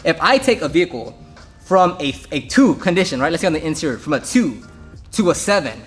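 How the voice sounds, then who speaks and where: A man's voice: fairly high pitch, fairly quick, husky, soft background music. A young man, a detailing business owner, giving casual advice and telling stories about customers, acting out their lines with lots of restarts. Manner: animated storytelling, acts out customers, frequent restarts.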